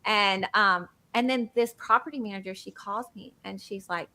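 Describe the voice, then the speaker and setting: A woman's voice: medium pitch, normal speed, few pauses. A woman telling a business story in casual chat, giggly and acting out what people said. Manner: animated storytelling, giggly, acts out quotes. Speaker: business owner guest.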